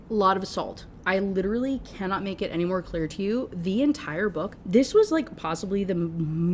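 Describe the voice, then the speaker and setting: A woman's voice: mid-range voice, a little hiss or hum. An American woman ranting sarcastically and animatedly in her book review. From United States.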